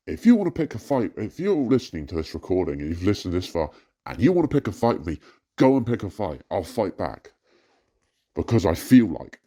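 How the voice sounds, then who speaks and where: Deep-voiced man ranting in distress. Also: dark tone. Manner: hesitant with many fillers, then rising into agitated outbursts. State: distressed and frustrated. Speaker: anonymous poster venting about family life. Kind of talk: personal rant recording.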